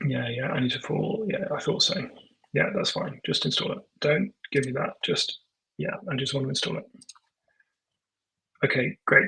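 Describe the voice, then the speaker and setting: A tech founder's gravelly, mid-range voice sounds pushed and bright as he thinks aloud while live coding. He mutters, halts, says um a lot, corrects himself, and occasionally dictates prompts to the computer, all captured in a low-quality recording.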